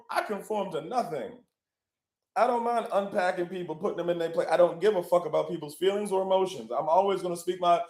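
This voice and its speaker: A man's voice: high voice, expressive, quick pace, reverberant. A man hosting a live online session, talking bluntly and boastfully, swearing often. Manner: profane, boastful, blunt, with bursts of laughing and shouting. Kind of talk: brash motivational talk.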